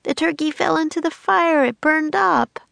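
A woman reading aloud, voicing an eager, bossy young girl in a high, urgent voice. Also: gravelly, a bit bright, no room sound, heavily acted. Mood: explaining. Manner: high, urgent, quick to act.

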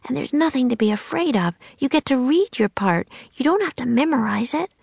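A woman voicing an eager, bold little girl in a storybook reading, excited and pleading. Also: high-pitched, fairly quick, vocal fry, slightly rough, no echo, voice pushed up, full character voice. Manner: excited, pleading, rising questions.

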